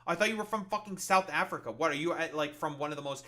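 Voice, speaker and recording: A man's voice: on the high side, fast talker, pushed and bright. A man hosting a casual reaction show, mocking a video in a profane rant. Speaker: podcast host reacting to videos.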